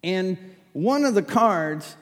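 High-voiced preacher in an echoey hall. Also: male voice, animated, slow pace. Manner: emphatic, repetitive, conversational asides to the audience. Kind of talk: sermon.

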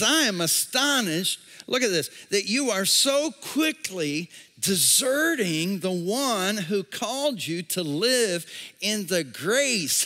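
Bright-voiced pastor preaching in a hall. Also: male voice, high-pitched. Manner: conversational preaching, reading scripture aloud with asides to the congregation. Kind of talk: sermon. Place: large room, a movie theater used as a church. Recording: long hall reverb.

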